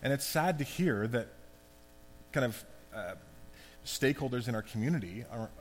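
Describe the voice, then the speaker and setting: A man giving a conversational, animated sermon as pastor. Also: medium pitch, normal speed. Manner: conversational, animated preaching with asides. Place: church hall. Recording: long hall reverb, faint hum.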